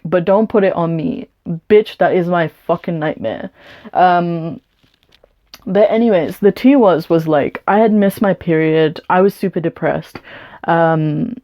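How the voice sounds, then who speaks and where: Blunt, swearing woman, mellow low voice. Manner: blunt, profane, indignant, with lots of "like" and "um". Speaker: vlogger. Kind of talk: storytime rant to camera.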